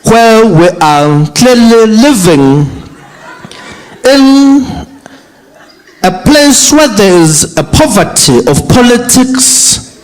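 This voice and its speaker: Guy talking super slow and halting, high swoopy voice. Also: lively intonation, low-quality recording.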